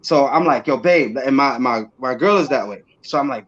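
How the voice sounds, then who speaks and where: A man talks as a guest in a casual interview. His voice sits in an ordinary middle pitch. He tells his story animatedly, jumping into quick, excited re-enactments of his own past words. The audio is a little muffled and lo-fi. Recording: slightly dull lo-fi audio.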